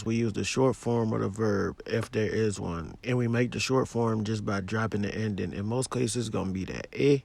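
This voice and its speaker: A man giving a casual language lesson, explaining in a relaxed, plainspoken way. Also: on the low side, vocal fry. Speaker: language teacher.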